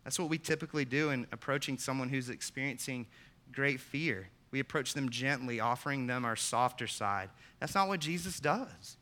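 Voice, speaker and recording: A man, the pastor, preaching a sermon with earnest emphasis, putting direct questions to the congregation and rising to loud, emphatic peaks. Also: mid-range voice, normal speed. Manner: asks the listeners direct questions.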